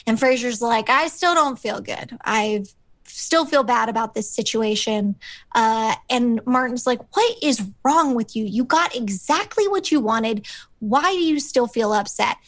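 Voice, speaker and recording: A woman's voice: on the high side, expressive, measured pace, fairly bright tone, no echo. A woman co-hosting a podcast, recapping a sitcom episode in a rambling, casual way with lots of fillers, acting out the characters' lines. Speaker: podcast co-host.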